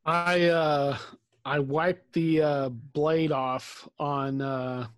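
Slightly high-voiced man playing a tabletop game. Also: fairly even intonation, extremely slow, no echo. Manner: hesitant, filler-heavy. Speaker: player. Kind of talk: casual chat.

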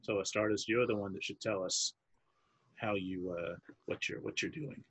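A man narrating as game master of a tabletop game, halting and searching for words as he describes each scene. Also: lowish voice, fairly even intonation, a bit bright, husky.

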